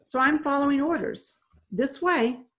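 A woman's voice: high-pitched, measured pace, fairly bright tone, pitched above the performer's own voice. Woman doing a growly ancient garden guy, grumbly and bent over, storybook voice. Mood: gruff. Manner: gruff, growling.

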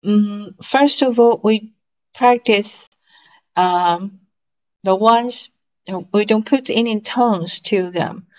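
A woman leads an online language class, slowly and patiently drilling syllables and tones for students to repeat. Her voice is medium-pitched and a little mellow, and the recording is rough.

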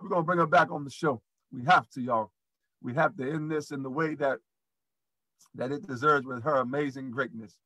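A man's voice: on the high side, bright, forceful tone, no echo, rough recording. A man hosting a live motivational show, speaking in a preachy, repeating, encouraging way to his audience. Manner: preachy, repetitive encouragement, addresses audience as y'all. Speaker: host.

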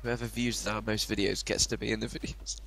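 A man's voice: fairly low pitch, little pitch movement, a little fast, vocal fry, over a noisy crowd. A man co-hosting a Minecraft let's play, joking and teasing his friends over voice chat. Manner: joking, teasing, laughs often. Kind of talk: casual gaming chat.

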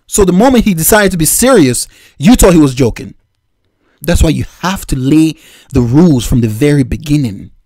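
A man's voice: fairly high pitch, expressive, normal speed, dark tone, no echo, clean studio sound. A man from Nigeria hosting a reaction video, giving opinionated, lecturing commentary on a clip.

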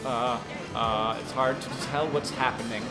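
A man's voice: mid-range voice, fairly even intonation, unhurried. A man in his thirties hosting a casual co-op gameplay session, goofy and self-mocking as he plays. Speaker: gaming channel host. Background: loud game music.

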